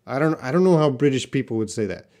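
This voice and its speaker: A man's voice: medium pitch, lively intonation, fast, a little mellow. A man teaching a live online English pronunciation lesson, stretching out example words and chatting casually with viewers.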